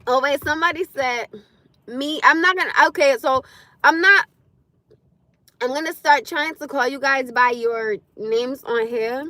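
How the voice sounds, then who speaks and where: A woman chatting casually on a livestream, loud and laughing often as she answers comments. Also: high voice, unhurried, no room sound. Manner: loud, laughing, talks back to chat. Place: in her car.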